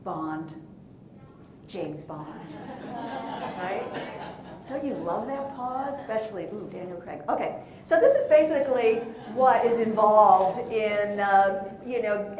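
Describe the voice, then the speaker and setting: A woman giving a lively, playful workshop talk in a conference room, asking the audience questions as she coaches. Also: medium pitch, roomy sound. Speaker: presentation coach.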